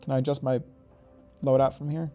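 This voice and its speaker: A man's voice: medium pitch, level tone, fairly quick, mellow, faint music behind. A man giving casual gameplay commentary, rambling and joking, often correcting himself mid-sentence. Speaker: gaming YouTuber.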